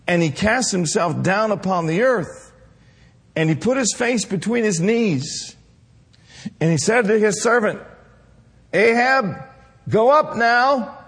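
A male pastor preaching an impassioned sermon with a hoarse voice, swinging from soft to shouting. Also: high-pitched.

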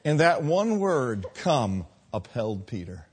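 A man preaching a sermon, swinging between loud drawn-out peaks and quiet low lines. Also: big pitch swings, breathy edge.

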